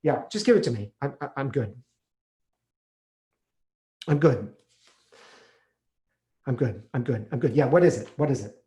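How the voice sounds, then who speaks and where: A man playing an anxious recovering alcoholic on the phone to his sponsor, halting and stammering as he repeats himself. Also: mid-range voice, animated, dark tone, natural voice. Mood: subdued. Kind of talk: stage monologue acting. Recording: echoey room.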